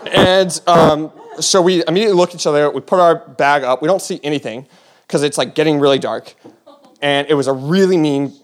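A young man telling a personal story on stage, rambling with many fillers and restarts and laughing as he goes. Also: fairly high pitch.

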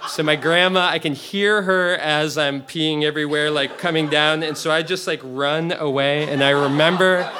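Young male storyteller, rambling and giggly, slightly high voice, audience laughter behind. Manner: rambling, self-interrupting, laughing often. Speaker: storyteller on stage. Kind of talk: comedic personal storytelling before a live audience.

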